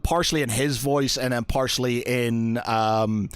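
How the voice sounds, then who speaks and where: A man's voice: medium pitch, fairly even intonation, unhurried, clean tone, dry recording. A man narrating as game master of a tabletop game, hesitant and full of fillers.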